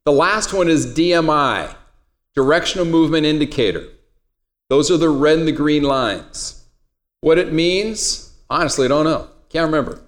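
A man's voice: a little high, moderate pace. A man teaching a trading class in a classroom, casual and joking as he talks straight to his students. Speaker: trading instructor. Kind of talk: classroom lecture.

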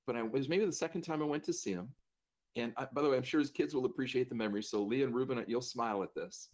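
A man's voice: medium pitch, fast talker, darkish tone. Man telling a casual, self-deprecating story. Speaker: speaker telling a personal story. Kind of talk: conversational storytelling.

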